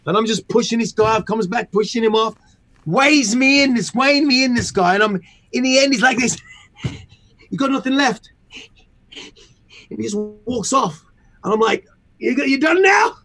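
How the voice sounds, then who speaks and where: Animated high-voiced man telling stories. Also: normal speed, pauses often. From England. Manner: profane, animated, acts out voices. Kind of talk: casual storytelling chat.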